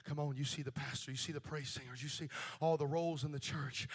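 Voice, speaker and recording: A man preaching a pentecostal sermon as pastor, moving from quiet, intense passages to shouted, soaring preaching. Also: fairly high pitch, steady tone, fast talker, few pauses, husky. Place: church sanctuary. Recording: live church with organ music behind. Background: music.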